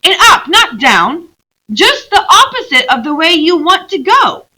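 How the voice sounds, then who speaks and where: A woman voicing an excited young girl who insists she is right and is close to tears. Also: unhurried, heavily acted. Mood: insistent. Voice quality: high, loud and pleading.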